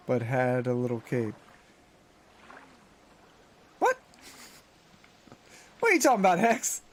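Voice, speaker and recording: Enthusiastic streamer, slightly high voice. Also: male voice. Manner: enthusiastic, chatting with viewers. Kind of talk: casual gameplay commentary.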